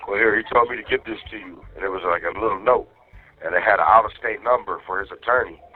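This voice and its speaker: Low-voiced man on a tinny phone line. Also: quick pace. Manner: profane, animated storytelling, acting out others' lines. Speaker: inmate on a phone call to his wife. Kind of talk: casual phone chat.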